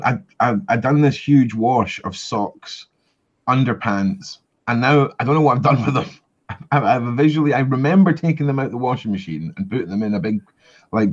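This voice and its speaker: Sweary Scottish man, lo-fi audio. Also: on the low side. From Scotland. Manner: sweary, animated storytelling. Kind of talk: casual chat. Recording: slightly muffled lo-fi audio.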